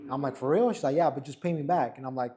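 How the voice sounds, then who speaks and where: Animated young man telling a story. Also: mid-range voice, rapid-fire, slight background noise. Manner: animated, acts out quotes of others. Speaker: barber and podcast co-host. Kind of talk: casual storytelling. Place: barbershop.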